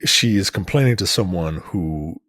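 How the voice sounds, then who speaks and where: A man's voice: low voice, moderate pace, dry recording, studio quality. A man co-hosting a film review chat, casually retelling scenes with lots of fillers and asides. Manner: casual, animated retelling of scenes with acted-out quotes. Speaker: film review podcast co-host. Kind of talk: casual conversational film discussion.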